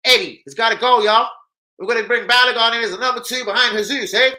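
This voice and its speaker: A man's voice: very high-pitched, fairly even intonation, fast, bright, forceful tone, voice pushed up, heavily acted. A man mimicking a drawling American Southern fan with a put-on accent. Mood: jokey drawl.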